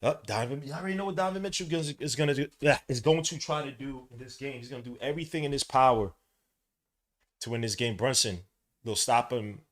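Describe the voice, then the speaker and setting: Bright-voiced man calling a game live. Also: mid-range voice, quick pace. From New York. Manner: excitable, shouts at plays, rambling asides. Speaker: podcast host doing a game watch-along. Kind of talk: casual live play-by-play and chat.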